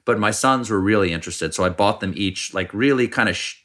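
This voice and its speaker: A middle-aged man from South Carolina with a bright, forceful voice that sits a little low. He tells stories in casual chat and acts out the people in them with a raised, animated voice. His Southern accent slips through. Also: a little fast. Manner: animated storyteller, mimics people in higher voice.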